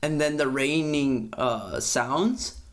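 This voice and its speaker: A young man co-hosting a casual podcast, ranting with lots of swearing and sudden jumps in pitch. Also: slow pace. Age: young adult. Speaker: podcast co-host. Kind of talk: casual chat.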